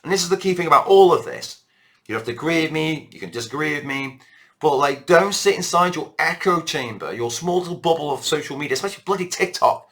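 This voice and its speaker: A man's voice: on the high side, expressive, fast, fairly bright tone. A British man delivering a rambling, impassioned monologue to camera as a political vlogger. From Britain.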